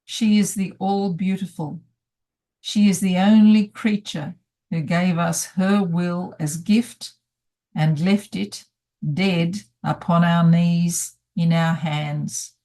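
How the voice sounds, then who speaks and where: A woman reads devotional excerpts aloud in a steady, solemn way. Her voice is warm and mellow and sits somewhat low. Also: slow. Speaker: reader. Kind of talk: devotional scripture reading.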